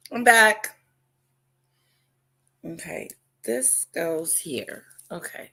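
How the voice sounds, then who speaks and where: A woman hosting a casual livestream chat, talking loudly and excitedly and greeting viewers by name. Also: lowish voice, unhurried, long pauses. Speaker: livestream host.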